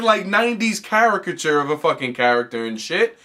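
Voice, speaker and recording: Young male podcast host, slightly high voice, loose profane rant, jumps in pitch when riled up. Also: fairly quick. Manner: profane, animated, rambling with frequent restarts. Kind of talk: casual comedic rant.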